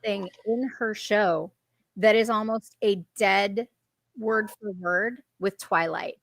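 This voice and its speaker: A woman hosting a casual panel chat, telling stories quickly and with animation. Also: medium pitch, steady tone, creaky. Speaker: host.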